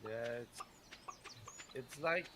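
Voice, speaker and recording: A man hosting a game stream, chatting casually and rambling with lots of restarts. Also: slow. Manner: rambling, many restarts and hedging fillers. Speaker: streamer host. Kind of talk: casual chat while gaming. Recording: steady background noise.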